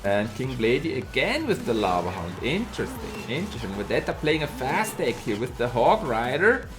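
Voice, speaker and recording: A man's voice: medium pitch, normal speed, music in the background. A man with a Swiss German accent, casting a live mobile game tournament and chatting with viewers. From Switzerland. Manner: excitable, chatty, reads out chat and laughs. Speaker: esports caster and streamer.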